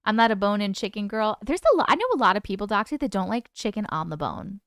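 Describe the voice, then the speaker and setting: A woman's voice: medium pitch, expressive, fast talker, no echo, clean studio sound. A woman from the UK hosting a live stream at home, chatting casually and answering viewer comments as they come in. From United Kingdom.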